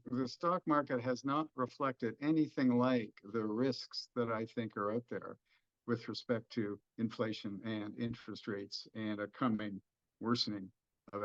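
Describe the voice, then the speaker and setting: A middle-aged man with a Texan accent, an economist explaining markets in a folksy, joking way during a webinar discussion. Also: mid-range voice. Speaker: economist guest. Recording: dull lo-fi webinar audio.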